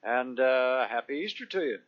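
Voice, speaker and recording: A man's voice: medium pitch, animated, normal speed. A man recording a plain, polite, slightly hesitant answering machine greeting. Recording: dull lo-fi answering machine tape.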